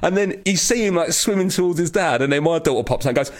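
A man's voice: on the high side, fast talker, a little hiss or hum. Guy on a podcast, telling stories, doing little voices for everyone he quotes. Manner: animated storyteller, acts out quoted voices. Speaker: podcast co-host. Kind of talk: casual chat.

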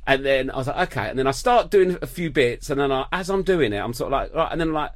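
A man's voice: mid-range voice, expressive, fast talker, few pauses, no echo, clean studio sound. A man, a comedian, telling a rambling, self-mocking story in casual chat.

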